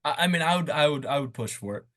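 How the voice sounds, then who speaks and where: A young man co-hosting a casual comedy podcast, laid-back and quick to laugh. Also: a little high, animated, fairly bright tone. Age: young adult. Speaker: podcast co-host.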